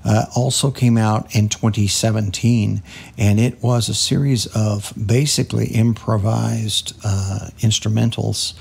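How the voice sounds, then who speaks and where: A man hosting a music podcast, talking casually about composing his own songs, halting with many fillers and restarts. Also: fairly low pitch, level tone, vocal fry, darkish tone, breathy edge.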